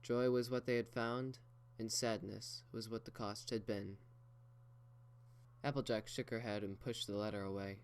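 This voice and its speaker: Smooth-voiced man reading slowly. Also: lowish voice, fairly even intonation. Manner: slow and measured. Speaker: reader. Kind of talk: fan fiction read aloud.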